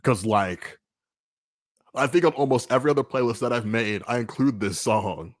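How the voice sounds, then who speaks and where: A man in casual podcast chat, animated and profane, dropping into loud bursts as he tells a story. His voice sits in a middle register, recorded dry and close with no room sound. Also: medium pitch, normal speed, dry recording. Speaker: podcast co-host. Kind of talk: casual music review chat.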